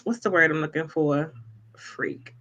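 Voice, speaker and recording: A woman's voice: low-pitched, unhurried, fairly bright tone, a little hiss or hum. A woman co-hosting a casual podcast chat about sports, talking in a colloquial, teasing way. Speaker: podcast co-host. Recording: dull lo-fi sound.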